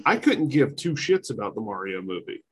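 A man's voice: fairly low pitch, sing-song, normal speed, a crowd in the background. A man co-hosting a podcast in casual chat, dismissive and grumbling. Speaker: podcast co-host.

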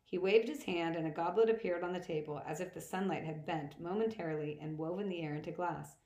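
Woman narrator, first-person novel reading, lowish voice, echoey room. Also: fairly quick, darkish tone. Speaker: audiobook reader.

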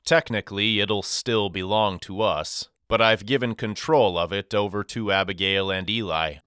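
A man voicing a loving, soft-spoken father talking to his two sons in an audiobook. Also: fairly low pitch, moderate pace, clean tone, no room sound, studio quality. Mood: tender. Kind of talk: audiobook character reading.

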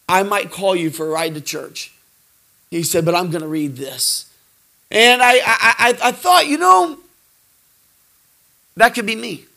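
A middle-aged man preaching a folksy sermon, joking and repeating himself, swinging from quiet asides to shouted praise. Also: high-pitched. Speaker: pastor.

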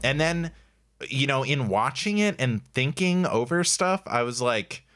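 Bright, lively male podcast co-host. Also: medium pitch, measured pace. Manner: excitable, laughing, listing facts. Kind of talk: casual chat.

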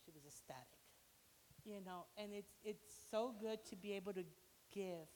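A woman's voice: medium pitch, moderate pace, mellow, big-room sound, slight background noise, rough recording. A woman sharing a personal church testimony and acting out the dialogue in her story. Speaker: church member giving testimony.

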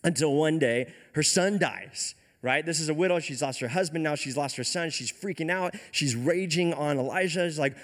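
A man's voice: on the high side, fairly quick, hardly any pauses. A man preaching a casual retelling sermon, conversational and often checking in with "right?". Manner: conversational, keeps asking "right?". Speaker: pastor.

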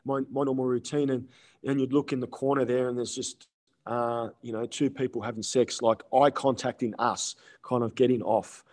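A man's voice: mid-range voice, flat delivery, normal speed, darkish tone. A young man with an Australian accent, chatting casually as a podcast guest, rambling with lots of fillers and restarts. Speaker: guest, male stripper.

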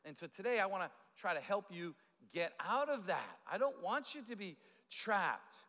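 A man preaching a sermon as pastor, telling stories in an animated way with lots of fillers and restarts. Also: high-pitched, moderate pace, long reverb tail. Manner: animated storytelling with fillers and repeated starts.

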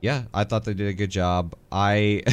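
A man's voice: lowish voice, steady tone, measured pace, smooth. A man co-hosting a casual sports podcast, talking in an easygoing way with many uh and um fillers. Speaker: podcast co-host. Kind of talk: casual chat.

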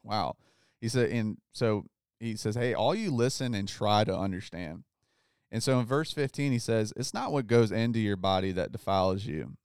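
A man hosting a podcast, talking through a Bible passage in a relaxed, casual way, often saying "like" and reading scripture aloud. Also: medium pitch, clean tone, no echo, clean studio sound. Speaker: podcast host. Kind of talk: casual Bible study chat.

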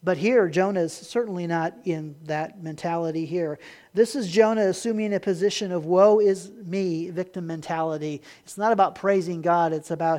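A man's voice: high-pitched, moderate pace. Earnest man preaching a sermon. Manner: earnest preaching, swings from emphatic to quiet; repeats words when restarting. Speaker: pastor.

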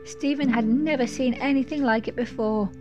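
A woman narrating a storybook in a measured, descriptive way. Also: high-pitched, darkish tone, muffled recording, soft background music.

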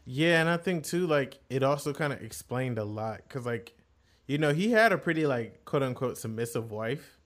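A man's voice: medium pitch, animated, normal speed. A man in casual podcast chat, laid-back, laughing often and acting out quotes in other voices. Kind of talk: casual chat about an anime.

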